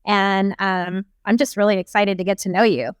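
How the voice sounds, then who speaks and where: A woman's voice: mid-range voice, fairly even intonation, moderate pace, clear, resonant tone, no room sound. A woman hosting an interview, asking questions in an eager, upbeat way. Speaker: host.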